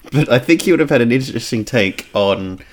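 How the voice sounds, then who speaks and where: A man's voice: mid-range voice, expressive, moderate pace. A man with an Australian accent co-hosting a podcast in casual, rambling, jokey banter. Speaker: podcast co-host.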